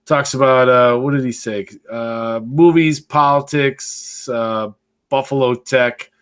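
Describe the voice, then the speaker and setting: A man co-hosting an arcade-collecting podcast, chatting casually in a rambling, animated way and swearing freely. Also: medium pitch, slow, clean tone. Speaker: podcast co-host. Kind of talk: casual chat.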